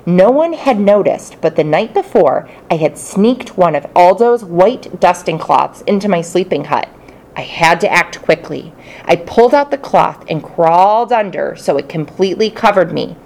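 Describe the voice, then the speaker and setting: A woman narrating a children's storybook in the first person, expressive and playful. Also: lowish voice, normal speed, creaky. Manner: expressive, playful character voices. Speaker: audiobook narrator.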